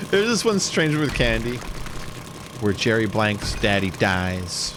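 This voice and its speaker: A man's voice: big pitch swings, measured pace, a bit bright. A man chatting casually while playing a game, laughing as he retells comedy bits. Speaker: gameplay streamer. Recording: noisy with engine rumble.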